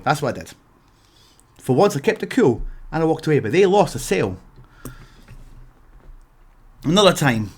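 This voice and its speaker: A man with a Scottish accent telling exaggerated comic rants to camera, animated and emphatic, sometimes bursting into shouts. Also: a little high. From Scotland. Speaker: vlogger.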